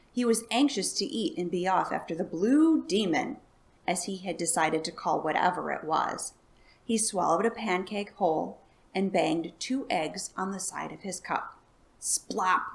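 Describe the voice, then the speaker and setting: A woman reading a children's chapter book aloud in a calm, even way. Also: on the low side, vocal fry. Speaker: storyteller.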